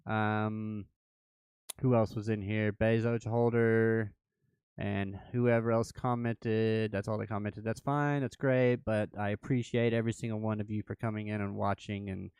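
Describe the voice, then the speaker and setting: A young man hosting a casual crypto livestream, talking through charts in a relaxed, hesitant way with many fillers. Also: fairly low pitch, unhurried, smooth, no room sound.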